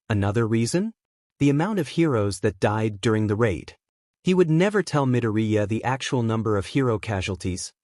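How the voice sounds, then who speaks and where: A man reading a fan fiction story aloud in a steady storytelling manner. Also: mid-range voice, no room sound, studio quality. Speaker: story reader.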